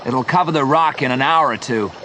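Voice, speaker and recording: A man's voice: medium pitch, brisk, pushed and bright, slight background noise, pitched above the performer's own voice, lightly acted. A man with a British accent voicing a brave, determined young man who calls out commands in a flood. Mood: resolute. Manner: calling out commands, resolute.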